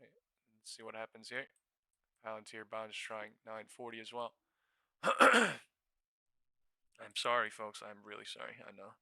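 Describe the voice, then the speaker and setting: A young man running a live trading stream with a bright, ringing, very forceful voice. He talks in crisp, clean tones, swears freely, and jumps between excited outbursts and quick market calls. The sound is dry and close, with no room around it. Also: on the low side, no room sound. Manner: swears a lot, bursts into shouting and laughter. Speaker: day-trading livestream host. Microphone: new studio mic.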